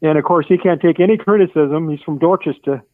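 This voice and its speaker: A man's voice: a little high, fairly quick, no echo. An older man calling in to a sports show, chatty and blunt, who keeps apologizing for his cursing. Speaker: caller. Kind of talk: casual sports chat. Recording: tinny, dry phone line.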